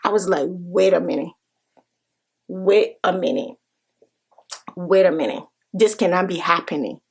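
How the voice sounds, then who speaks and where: A woman vlogger telling a story in an excitable, animated way, repeating phrases and swearing now and then. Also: on the low side, a little slow, vocal fry, breathy edge. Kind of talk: casual vlog storytelling.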